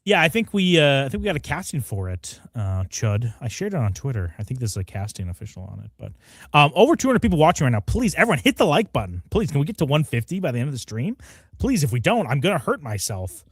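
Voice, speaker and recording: A young man co-hosts a casual livestream, laughing often and slipping in mocking asides. His pitch moves a lot, and the dry, close sound has no room echo. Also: big pitch swings, quick pace, breathy edge. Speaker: livestream co-host.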